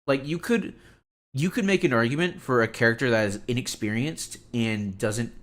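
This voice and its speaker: A man's voice: medium pitch, moderate pace, a bit bright. A man chatting casually on a live stream, rambling and exasperated, with lots of "like" fillers as he tells stories and reacts.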